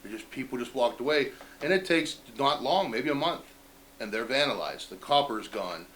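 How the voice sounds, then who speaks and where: A man's voice: mid-range voice, animated, normal speed, a bit bright, a little hiss or hum, rough recording. A man from Youngstown, Ohio, a neighborhood association member, speaking emphatically in a documentary interview and listing things off one after another. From Youngstown, Ohio, USA. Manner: emphatic, reeling off lists.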